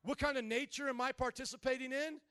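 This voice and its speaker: High-voiced man preaching with fiery swings. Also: fast, clean tone, no echo. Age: adult, married. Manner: animated preaching, swings into shouting and mock voices. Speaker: pastor. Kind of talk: sermon.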